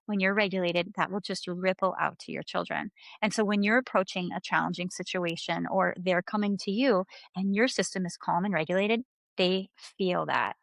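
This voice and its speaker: Gentle-voiced woman counselor, dry sound. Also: fairly low pitch, moderate pace, creaky, no echo. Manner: gentle, soothing, earnest. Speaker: counselor guest. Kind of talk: conversational interview.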